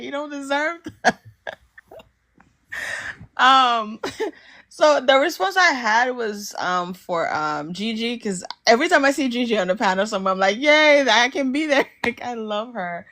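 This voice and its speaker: A woman's voice: a little high, a bit bright. A woman on a live podcast panel, speaking thoughtfully and hesitantly, with frequent fillers and restarts.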